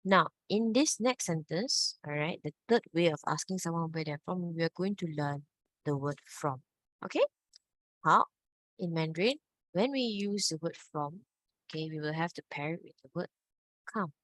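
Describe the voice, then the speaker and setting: A woman's voice: low voice, normal speed, no echo, low-quality recording. A woman teaching a Mandarin lesson, patiently checking understanding. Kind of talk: online language lesson.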